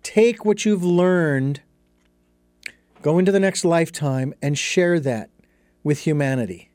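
A man speaks as an interview guest and tells his story in an earnest, thoughtful way. His voice sits a little high. The sound is close and dry. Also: unhurried, a little mellow, no room sound. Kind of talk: reflective storytelling in conversation.

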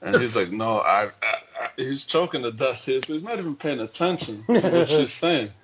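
A man's voice: mid-range voice, animated, brisk. A man co-hosting a casual comic book podcast, walking through pages by quoting the dialogue. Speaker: podcast co-host. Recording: dull lo-fi audio with faint noise.

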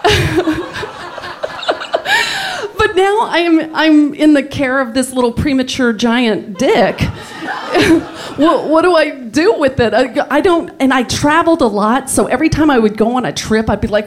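Giggly high-voiced woman telling a story. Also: expressive. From Texas. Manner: laughing through the story, halting restarts. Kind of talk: comic personal storytelling.

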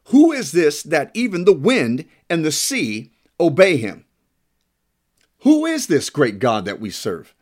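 A man preaching a sermon, reading scripture and adding emphatic, playful asides. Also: on the high side.

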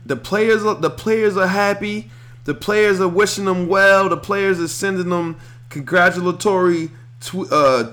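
A man hosting a sports podcast, talking bluntly and with a lot of energy in casual slang. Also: sits high. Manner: animated, streetwise and blunt. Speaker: podcast host.

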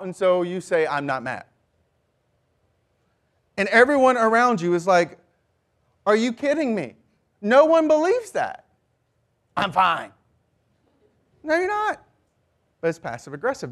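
Lively preaching man, fairly high voice. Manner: lively, mimics passive-aggressive remarks in a high voice. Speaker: pastor. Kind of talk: sermon.

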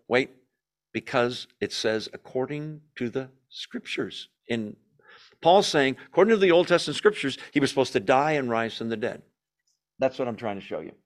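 A man leading a Bible study, teaching in a relaxed conversational way, asking the class questions and reading scripture aloud. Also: on the high side.

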